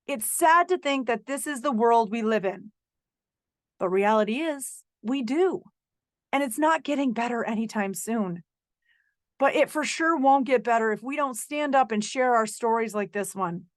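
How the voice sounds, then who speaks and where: A woman's voice: fairly high pitch, animated, moderate pace, dry recording. Earnest middle-aged woman podcaster, dry sound. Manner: earnest, sarcastic in places. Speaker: podcast host. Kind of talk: personal storytelling monologue.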